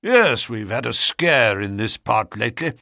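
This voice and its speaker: A man's voice: medium pitch, sing-song, measured pace, vocal fry, pushed and bright, no echo, studio quality, full character voice. A man voicing a genial older country colonel, talking in a matter-of-fact way.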